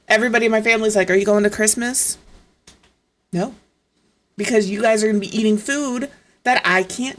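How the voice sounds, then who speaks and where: A woman's voice: mid-range voice, a bit bright. A woman streamer in casual chat, telling stories in a profane, exasperated way.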